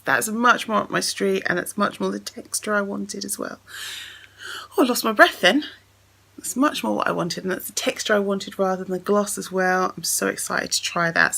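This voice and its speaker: A woman's voice: mid-range voice, creaky, pushed and bright. A young woman chatting casually as she unboxes a gift on camera, effusive and full of thanks. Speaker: beauty vlogger.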